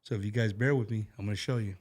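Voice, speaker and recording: A man's voice: fairly low pitch, steady tone, racing, darkish tone, slight background noise. A man hosting a casual talk show, speaking in a rambling, heartfelt way with many restarts and fillers. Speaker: show host. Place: studio.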